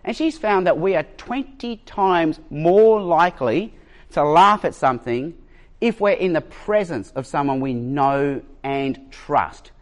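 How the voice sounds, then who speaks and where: Animated, emphatic male preacher. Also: on the high side, a little slow. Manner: storytelling, emphatic, varies his pace. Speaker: pastor. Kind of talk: sermon.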